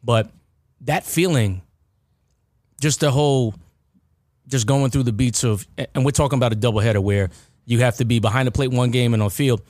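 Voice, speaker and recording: A man's voice: medium pitch, moderate pace, pauses often, a little mellow, no echo, clean studio sound. A man hosting a casual podcast chat, rambling with restarts and repeated words. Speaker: podcast host.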